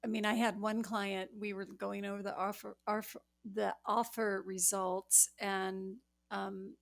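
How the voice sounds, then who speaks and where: A woman hosting a real estate podcast, telling a story from her own work in a slow, measured way. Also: medium pitch, flat delivery, gravelly. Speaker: podcast host, realtor. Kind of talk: casual chat, recounting an anecdote.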